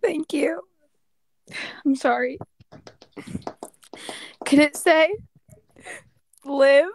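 A woman's voice: high-pitched, drawn-out words, dry recording, voice pushed up, heavily acted. A woman putting on a weepy, half-whispered voice as a sad customer asking for a custom piece.

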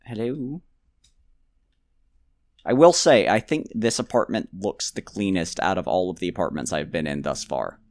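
A fairly low-voiced man talks through his game in a loose, joking ramble. His voice swings widely up and down as he mutters to himself and bursts out in mock anger. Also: animated, normal speed, long pauses, a little mellow, dry recording, clean studio sound. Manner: rambling, joking self-talk with mock outbursts. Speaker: let's play gamer. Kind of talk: casual gameplay commentary.

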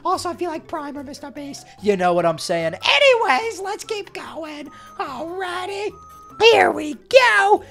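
High, excitable male gamer. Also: normal speed, hardly any pauses, soft background music. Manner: excitable, yelling at game events. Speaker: game streamer. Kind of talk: gameplay commentary.

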